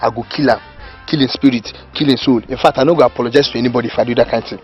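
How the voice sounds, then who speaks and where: A man's voice: medium pitch, steady tone, rapid-fire, darkish tone, highs cut off, faint music behind, natural voice. An actor playing an indignant village man in Nigerian Pidgin who vows revenge on his accuser. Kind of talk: comedy film acting.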